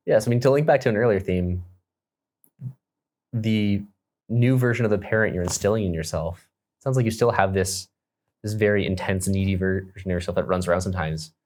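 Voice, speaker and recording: A man's voice: sits low, brisk, long pauses, darkish tone. A man co-hosting a podcast who asks thoughtful, probing questions in casual conversation. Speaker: podcast co-host.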